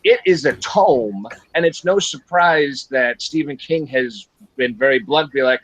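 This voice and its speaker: A man's voice: mid-range voice, a little slow, no echo. A man hosting a casual film review livestream, talking bluntly with lots of swearing and acting out quotes. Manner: blunt, profane, animated, acts out quotes. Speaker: podcast host reviewing a film. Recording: dry, dull lo-fi livestream audio.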